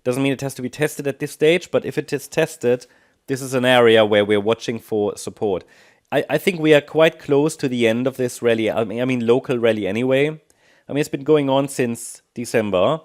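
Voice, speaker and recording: A man walks through a market chart in a relaxed, unscripted way. He talks at a medium pitch, hesitating with ums and correcting himself as he works through his points. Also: normal speed. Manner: thinking aloud with many ums and restarts. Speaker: market analyst. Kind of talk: technical analysis commentary.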